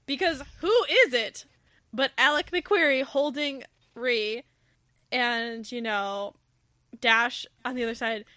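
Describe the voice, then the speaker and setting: A woman's voice: takes it slowly, no echo, studio quality. A woman hosting a podcast, chatting casually about a book and acting out its lines with big swings in her voice. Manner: animated, acts out quotes with big pitch jumps. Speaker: podcast host. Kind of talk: casual book discussion chat.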